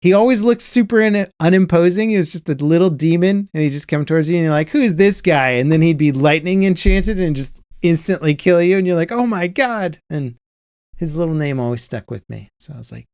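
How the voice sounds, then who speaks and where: A man in his thirties hosting a podcast, telling nostalgic stories in a relaxed, rambling way with many fillers. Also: fairly high pitch, brisk, clear, resonant tone, no room sound, studio quality. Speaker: podcast host. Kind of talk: casual chat.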